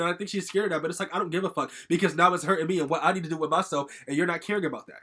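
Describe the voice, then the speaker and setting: Rapid-fire and barely pausing, this young man's voice is on the high side, bright and forceful. As a storytime vlogger, he vents about something that happened to him, rambling casually, cursing, and peppering his speech with "like."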